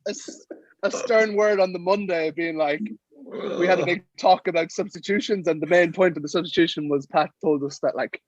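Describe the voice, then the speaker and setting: A young man with an Irish accent tells stories on a podcast with a lot of life, slipping into the voices of the people he quotes. His voice sits fairly high, and it comes across dry and a little dull, like a lo-fi recording. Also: a little fast, no echo. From Sligo, Ireland. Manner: lively anecdotes, acting out quotes. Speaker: guest, professional rugby player. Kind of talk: casual podcast storytelling.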